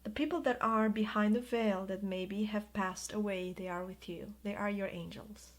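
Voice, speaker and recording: A woman giving an intuitive tarot reading in a soft, soothing way, drawing out her words of reassurance. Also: medium pitch, fairly even intonation, normal speed, a little hiss or hum. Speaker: tarot reader.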